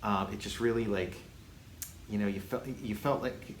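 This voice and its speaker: A man hosting a casual movie review, halting often with restarts and fillers. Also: fairly low pitch, steady tone. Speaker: host, film reviewer. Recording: echoey room with faint hiss.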